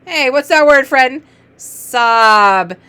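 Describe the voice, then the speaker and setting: A woman teaching early reading to young children, drawing out letter sounds and cheering each word with playful, sing-song praise. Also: a little high. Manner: encouraging, sing-song, playful praise with gasps and exaggerated excitement; slow, drawn-out letter sounds.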